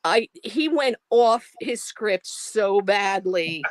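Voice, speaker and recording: A middle-aged woman telling a funny story over a video call, animated and laughing as she talks. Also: medium pitch, takes it slowly, no echo. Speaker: live stream caller.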